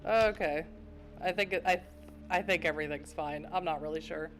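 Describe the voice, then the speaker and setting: Woman, streamer, reads story game aloud, chatty asides, self-deprecating, low-ish pitch. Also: normal speed, soft background music. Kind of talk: reading a visual novel game aloud with chat asides.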